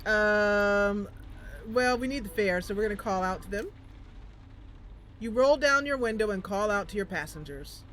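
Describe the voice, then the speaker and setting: A woman's voice: medium pitch, animated, moderate pace, a bit bright, slight background noise. Giggly woman reading a game aloud. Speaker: gaming channel host.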